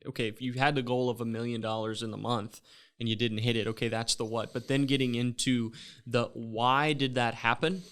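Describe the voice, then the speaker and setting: A man with a smooth, resonant voice coaching listeners on a sales podcast. He lays out his points earnestly at an even mid pitch and laughs easily at his co-host's jokes. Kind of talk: casual podcast chat.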